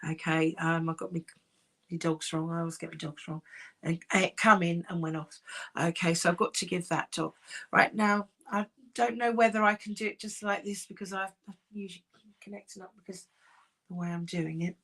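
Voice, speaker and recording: A woman working as a psychic medium, giving live-streamed readings in a soft, reassuring, chatty way with many pauses. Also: on the low side, fairly even intonation. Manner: soft, reassuring, calls sitters "my darling".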